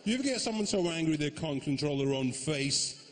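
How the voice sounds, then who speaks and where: A man's voice: fairly high pitch, expressive, brisk. A man doing live stand-up, brash and teasing the crowd, with plenty of swearing. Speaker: stand-up comedian. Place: large comedy venue. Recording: echoey hall, audience noise.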